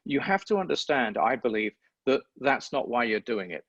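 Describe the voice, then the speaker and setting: A man's voice: mid-range voice, sing-song, moderate pace, fairly bright tone, no room sound. Man, sports broadcaster, reflective interview talk, lo-fi dull sound. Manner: reflective, repeats words while thinking. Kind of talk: interview conversation.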